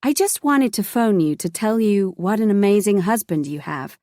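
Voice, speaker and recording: A woman's voice: mid-range voice, animated, normal speed, mellow, dry recording, clean studio sound, lightly acted. A woman voicing a nervous Canadian woman who is hesitant and apologetic, in an audiobook. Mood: gushing. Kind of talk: audiobook character voice.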